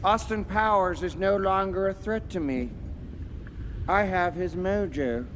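Doctor Evil, a slow, deadpan supervillain. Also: male voice, sits high, noisy background. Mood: smug. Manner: slow, pompous, deadpan delivery. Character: pompous deadpan middle-aged male supervillain. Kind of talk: comedy film acting.

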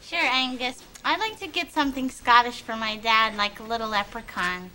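A woman's voice: a little high, moderate pace, pushed and bright, a little hiss or hum. An actress playing a ditzy young woman customer in a shop, airy and clueless.

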